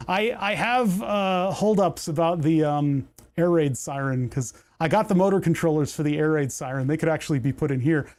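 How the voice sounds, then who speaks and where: A man's voice: fairly high pitch, normal speed, few pauses, a little mellow. A man hosting a casual livestream, rambling and self-deprecating as he thinks aloud while he takes apart a machine. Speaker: livestream host.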